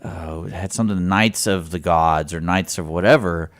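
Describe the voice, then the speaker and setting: Deep-voiced man in casual radio chat. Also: moderate pace. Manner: animated storyteller, acts out quotes. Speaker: radio show host.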